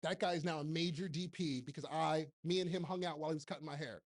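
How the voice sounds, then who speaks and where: A man's voice: on the high side, fairly even intonation, quick pace. A man in his forties giving a blunt, joking motivational talk on stage to a live audience, speaking into a handheld microphone and firing off rhetorical questions. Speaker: keynote speaker and TV producer.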